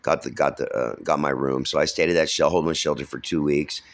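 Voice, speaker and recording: A middle-aged man with a very low, gravelly voice tells his own life story in a loose, casual way. He rambles, swears freely and keeps restarting with "uh" and "um." He's from San Francisco. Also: fairly even intonation, fast talker. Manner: rambling, profane, many fillers and restarts.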